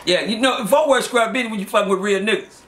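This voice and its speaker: Animated high-voiced storytelling man. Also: rapid-fire, a little hiss or hum. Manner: animated storyteller, acts out quotes, laughs often. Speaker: interview guest. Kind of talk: casual street storytelling.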